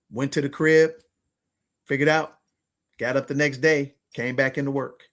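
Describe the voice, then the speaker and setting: A man in his fifties telling a motivational story to his listeners, animated and slangy, often calling out to them as ladies and gentlemen. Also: medium pitch, moderate pace, pauses often. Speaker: podcast host and money coach.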